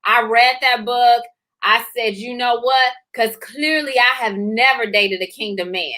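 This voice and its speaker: A woman co-hosting a casual chat, telling a personal story in a lively way, full of fillers and acted-out voices. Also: fairly high pitch, measured pace, rough recording. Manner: animated, acts out voices, many fillers. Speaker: co-author and co-host.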